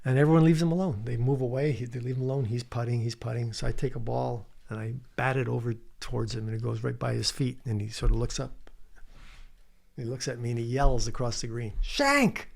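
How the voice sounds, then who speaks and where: A man's voice: medium pitch, steady tone, fast, gravelly, warm tone. A man telling casual anecdotes as a podcast guest, acting out quotes as he goes. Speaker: podcast guest, commercial director. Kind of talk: casual storytelling.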